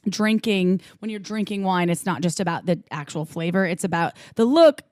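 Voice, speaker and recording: A woman's voice: lowish voice, moderate pace, darkish tone, no room sound. A woman co-hosting a podcast, chatting in a playful, jokey way. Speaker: podcast co-host. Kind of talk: casual chat.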